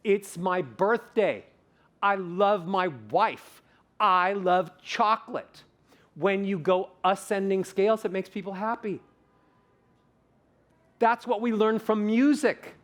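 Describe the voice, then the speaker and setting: A man giving a conference talk as a voice coach, leading the audience through breathing exercises in a playful, demonstrative way. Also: high-pitched. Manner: animated, demonstrates vocal examples, playful. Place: conference stage.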